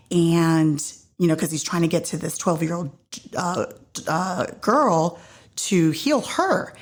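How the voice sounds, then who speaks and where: A woman's voice: on the low side, darkish tone. A woman hosting a podcast, casually retelling a faith story with many fillers and acted-out quotes. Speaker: podcast host.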